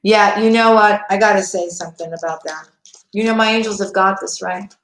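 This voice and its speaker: A woman's voice: medium pitch, a little fast, a bit bright. Woman tarot reader, chatty live-stream host, laughs often, echoey room. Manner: chatty, laughs often, addresses viewers directly.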